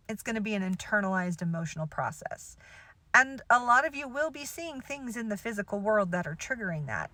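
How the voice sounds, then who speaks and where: A woman spiritual teacher talks straight to her followers in a bright, sharp voice, recorded dry and close. She is animated and exclamatory, laughs often, and swears freely in casual speech. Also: mid-range voice, dry recording. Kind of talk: casual monologue to camera.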